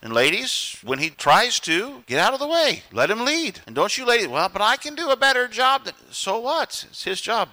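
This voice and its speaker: A man's voice: extremely high pitch, big pitch swings, moderate pace, few pauses, bright, forceful tone. A middle-aged man preaching a sermon as pastor, emphatic and conversational, now and then mimicking other people.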